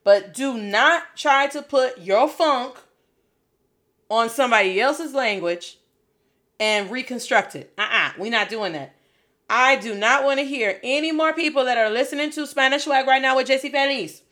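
A young adult woman hosting a casual spoken language lesson, animated and playful, scolding with mock outrage. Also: sits high, normal speed. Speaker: Spanish teacher and podcast host.

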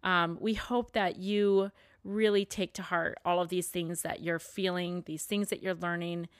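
A woman's voice: on the low side, fairly even intonation, a little slow, clear, resonant tone, no echo, studio quality. A woman hosting a podcast, giving a grateful, heartfelt sign-off to listeners. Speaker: podcast host. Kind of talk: podcast outro.

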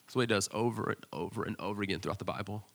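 A man's voice: fairly low pitch, very fast, gravelly, fairly bright tone. A man, preaching a sermon in a conversational, storytelling way with frequent restarts. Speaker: pastor. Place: church stage.

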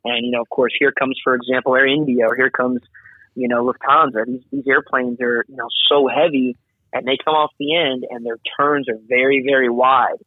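A man working as an air traffic controller, talking casually and animatedly as an interview guest, explaining his job with quick asides, heard over a remote call. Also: mid-range voice, no room sound. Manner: animated, chatty, acts out radio calls. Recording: tinny phone-like line.

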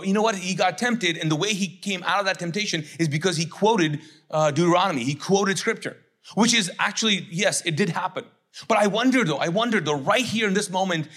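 A middle-aged man preaching a sermon as pastor, conversational and joking, acting out quick voices of others. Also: sits high, a bit bright.

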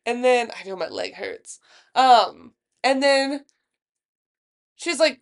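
A young woman co-hosts a casual podcast chat with a slightly high voice. She tells stories with animated energy, acting out what each person said and swearing freely. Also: takes it slowly, long pauses. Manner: animated storyteller, swearing, acts out quotes. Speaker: podcast co-host.

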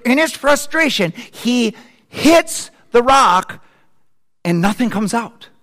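Casting: high-voiced male pastor, animated preacher, big loud-to-soft swings, long hall reverb. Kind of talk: sermon.

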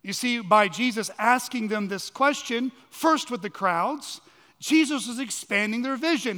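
Pastor, male, very high voice, dramatic sermon delivery that drops to near-whispers, long church reverb. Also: measured pace. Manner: dramatic preaching, swinging from loud emphasis to hushed lows.

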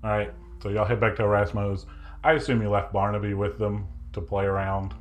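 A man narrating a tabletop game as game master, relaxed and chatty with many fillers. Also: fairly low pitch, fairly quick, soft background music.

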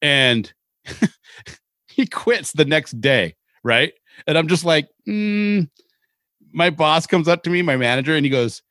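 A middle-aged man from Seattle co-hosting a podcast, telling rambling, animated stories in casual chat with some swearing. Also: a little high, a little slow, no echo. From Seattle, Washington. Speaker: podcast co-host.

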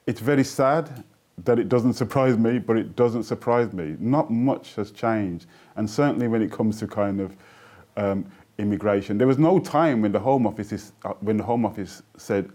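Mellow low-voiced man telling stories earnestly. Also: moderate pace. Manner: earnest storytelling, recites his own verse. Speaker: guest, poet. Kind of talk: interview conversation.

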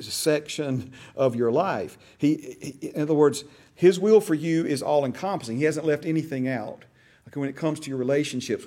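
A man's mellow, mid-range voice guides a church discipleship class in a folksy, conversational style. Restarts and repeated words are common, as are his check-ins of "right?" and "okay?"

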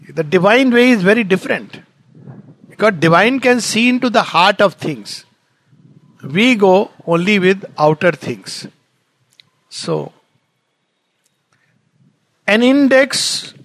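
A man giving a reflective spoken commentary on a poem, quoting others with sudden lively bursts and chuckling often. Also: high voice. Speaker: spiritual teacher.

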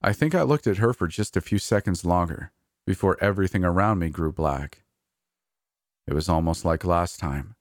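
A man with a very deep voice narrates a scripted first-person horror story. His telling is measured and steady. The recording is dry, with no room sound. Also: no echo.

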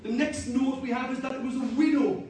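A man's voice: extremely high pitch, fairly even intonation, a little fast, darkish tone, a little hiss or hum. A man preaching a sermon in an earnest, repeating way that builds to emphatic points. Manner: earnest, repetitive, rising to emphatic. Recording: echoey hall, mic at a distance.

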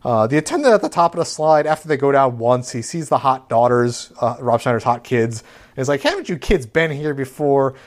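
A man casually recapping a movie plot in a chat, dry and steady with many fillers. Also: medium pitch, brisk. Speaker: podcast co-host.

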